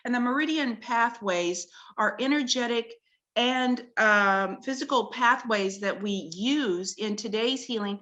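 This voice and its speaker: A woman's voice: on the high side, measured pace, sharp tone, muffled recording. A woman, a talk-show guest, earnestly walking through slides of her research in a video-call conversation and explaining each with wonder.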